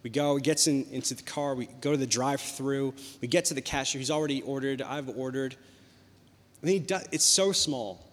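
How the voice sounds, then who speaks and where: A young man preaching a sermon, telling a personal story in a lively, conversational way. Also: mid-range voice, moderate pace. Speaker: pastor. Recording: long hall reverb.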